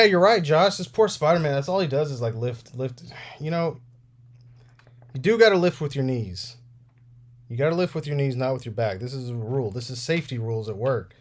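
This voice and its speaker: A man in his thirties casually chatting as he repairs action figures on a livestream, rambling and laughing often. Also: mid-range voice. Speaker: toy repair livestream host. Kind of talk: casual livestream chat while working.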